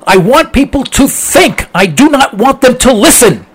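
A man's voice: very high voice, sing-song, normal speed, fairly bright tone, husky. A man hosting a talk show, rambling conversationally as he reads listener mail, with many fillers and restarts. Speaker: radio talk show host. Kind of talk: casual monologue reading listener mail.

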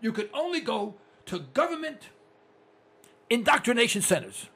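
An older man hosting a talk radio show, ranting in a blunt, excitable monologue. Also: very high voice, normal speed, long pauses, breathy edge. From United States.

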